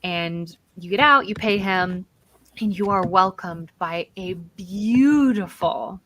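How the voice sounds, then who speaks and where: A woman's voice: medium pitch, slow pace, a bit bright, a little hiss or hum. A woman narrating as dungeon master in a casual, chatty way with plenty of fillers. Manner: chatty, lots of fillers and likes. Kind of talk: narrating a tabletop game.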